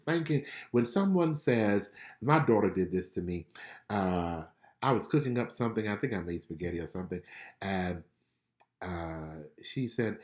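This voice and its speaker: A man's voice: deep voice, animated, normal speed, darkish tone. A man giving live prophetic readings in answer to viewers' questions. He talks in a casual, chatty way, laughs often and keeps checking in with his listeners. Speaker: prophet and spiritual life coach. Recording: roomy echo.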